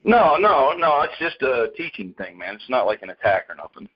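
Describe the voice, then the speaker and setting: A man's voice: mid-range voice, big pitch swings, normal speed, breathy edge. A man hosting a radio show, talking in a rambling, casual way and calling people dude and man. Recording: muffled lo-fi radio audio.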